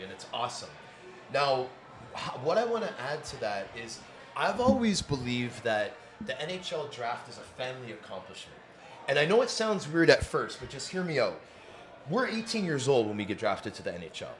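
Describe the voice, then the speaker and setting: Podcast host, man from Canada, emphatic and lively delivery, slightly high voice, faint room ambience. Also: slight background noise. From Toronto, Canada. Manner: enthusiastic, emphatic, repeats for stress. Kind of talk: casual interview chat. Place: podcast studio inside a sports bar.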